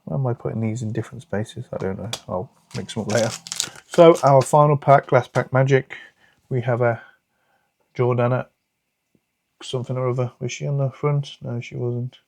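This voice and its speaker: Slight background noise sits under this clip of the British card collecting host, who chats and mutters to himself while casually opening cards. His mid-range voice is gravelly and a little mellow, delivered at a moderate pace.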